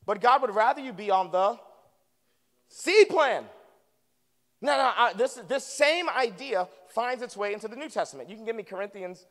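A man preaching a sermon as a guest preacher in a church, animated and calling for responses from the congregation. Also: sits high, moderate pace. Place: church sanctuary. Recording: long reverb of a church hall.

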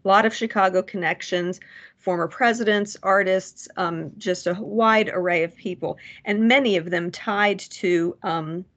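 A woman presenting research at a public commission meeting, halting, with many fillers and restarts. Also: mid-range voice, fairly bright tone, highs cut off.

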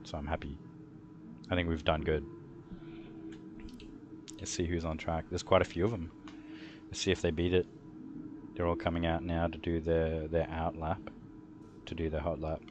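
Young guy with a real low voice, rambling laid-back stream chat, bit of hiss behind. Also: little pitch movement, moderate pace, pauses often. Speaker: gaming streamer. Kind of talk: casual live-stream commentary.

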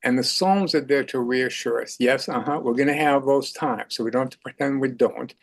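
A man's voice: medium pitch, a little fast. An older man speaking as a radio guest in an earnest faith conversation, chuckling now and then.

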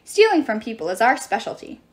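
A woman's voice: a little high, big pitch swings, fairly quick. A woman doing a whiny, stammering dwarf thief. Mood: whining. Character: whiny nervous male twin dwarf thief.

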